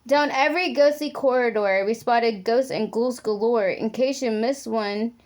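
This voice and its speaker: A woman's voice: on the high side, moderate pace, darkish tone. A woman reading a rhyming picture book aloud in a sing-song, playful way. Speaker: storybook reader.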